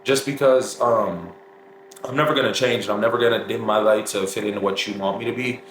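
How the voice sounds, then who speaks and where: A young man shares a personal story with his viewers in a relaxed, chatty vlog style. His voice sits a little low. The room gives it a noticeable echo with a faint hiss underneath. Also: brisk. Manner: chatty, addresses viewers as y'all. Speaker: vlogger. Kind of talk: casual storytime. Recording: echoey room with faint noise.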